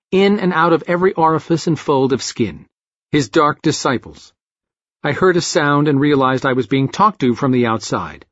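A man narrating a first-person horror-comedy audiobook, with a slightly husky voice and a lively, rising-and-falling delivery. His tone is wry and vivid, in a close, dry recording that sounds a bit dull. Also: fairly high pitch, no room sound.

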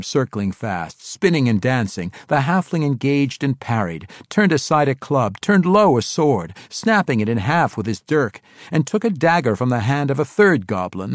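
A man narrating a fantasy novel in expressive storytelling style. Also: medium pitch, normal speed, hardly any pauses, no echo, clean studio sound. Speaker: audiobook narrator.

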